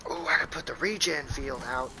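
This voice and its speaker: Brief: American streamer, profane rambling chat, sharp forward tone, desk mic. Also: male voice, fairly high pitch, a little fast, gravelly, a little hiss or hum, low-quality recording. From United States. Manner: rambling and profane, with frequent restarts. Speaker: live streamer. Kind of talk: casual gaming stream chat.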